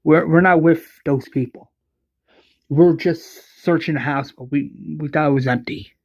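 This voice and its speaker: A man voicing a calm male survivor who reassures others, stammering a little, in a fan-fiction retelling. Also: on the high side, a little slow, muffled recording. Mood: reassuring. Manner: soothing, stammering.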